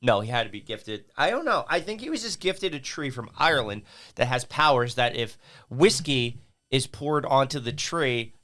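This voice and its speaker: Sick, lively-voiced man co-hosting. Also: mid-range voice, moderate pace. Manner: joking, puts on silly voices. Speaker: podcast co-host. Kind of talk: casual movie review chat.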